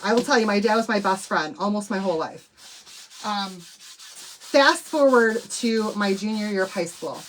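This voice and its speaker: A woman's voice: mid-range voice, moderate pace. A middle-aged woman, hosting a crafting livestream and telling a personal story in an emotional, chatty way. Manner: emotional, chatty, addresses viewers as y'all. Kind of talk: chatty live tutorial with storytelling. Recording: faint background noise.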